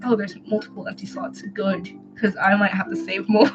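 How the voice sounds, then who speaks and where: A woman's voice: medium pitch, flat delivery, moderate pace. A woman streamer reading a dating sim aloud to her chat, giggly and flustered. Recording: dull lo-fi sound with music behind.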